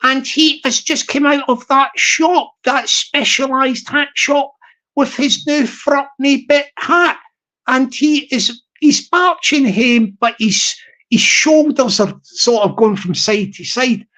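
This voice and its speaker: A man's voice: extremely high pitch, slow, pushed and bright. A young man hosting a live stream, telling a rambling comic story with lots of restarts and asides.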